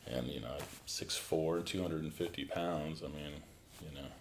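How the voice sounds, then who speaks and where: A man with a very deep, low voice talks easily as a guest, leaning on filler phrases. There is a faint noise under his voice. The delivery is relaxed and conversational. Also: normal speed. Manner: relaxed, many "you know" fillers. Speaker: actor guest. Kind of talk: casual interview chat.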